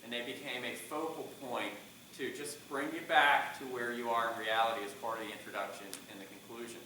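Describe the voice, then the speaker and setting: Middle-aged male speaking coach, bright voice, questions his students, recorded from far off in an echoey classroom. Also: mid-range voice, fairly quick, a little hiss or hum. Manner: asks the class questions, lively shifts in volume.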